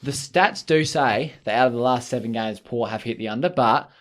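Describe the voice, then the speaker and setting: A man's voice: mid-range voice, normal speed. A man co-hosting a casual sports podcast, playful and self-assured. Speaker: podcast co-host.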